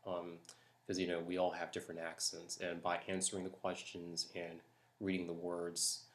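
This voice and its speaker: Hushed, halting man for a late-night home vlog; very low voice. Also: completely flat delivery. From Jacksonville, Florida. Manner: talking softly late at night, hesitant fillers. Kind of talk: accent tag reading. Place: house at night.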